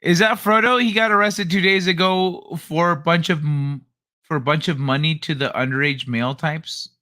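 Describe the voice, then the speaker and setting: A middle-aged man with a somewhat high, sharp voice speaks at normal speed with fairly even intonation. He hosts a casual late-night livestream, chatting loosely with viewers, joking with chat, and swearing freely.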